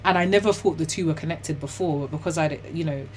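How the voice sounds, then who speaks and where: Young woman, interview guest, chatty storytelling, slightly low pitch, faint noise behind. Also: fast talker. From Ghana and the UK. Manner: chatty and animated, heavy use of "like" and "you know"; laughs often while telling hard stories.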